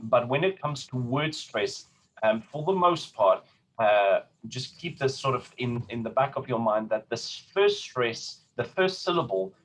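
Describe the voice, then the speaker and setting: A man giving a diction lesson for singers, talking in a relaxed way with many ums and uhs and encouraging the listener. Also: mid-range voice, low-quality recording. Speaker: opera diction teacher. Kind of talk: instructional lesson.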